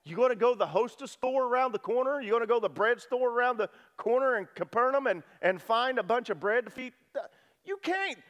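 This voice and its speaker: A man preaching a sermon, telling the story with lively asides and acting out the disciples' lines, swinging from loud to hushed. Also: very high voice, brisk. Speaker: pastor.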